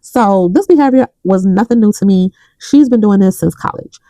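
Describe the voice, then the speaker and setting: Gravelly-voiced woman counting cash. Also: mid-range voice, moderate pace, dark tone, dry recording, low-quality recording. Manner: counts bills aloud, tells a story between counts. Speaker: budgeting vlogger. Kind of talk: casual chat while counting cash.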